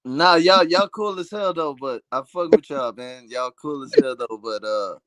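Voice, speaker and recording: A man's voice: mid-range voice, moderate pace, crowd noise. A man on a live stream chatting in an easygoing, hesitant, slangy way. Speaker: stream guest. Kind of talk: casual live-stream chat.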